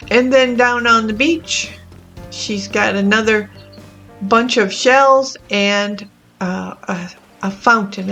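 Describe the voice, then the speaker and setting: A woman hosting her own gaming channel, talking through a cozy life-sim game in a gentle, chatty and easily amused way. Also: mid-range voice. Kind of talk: casual gameplay commentary.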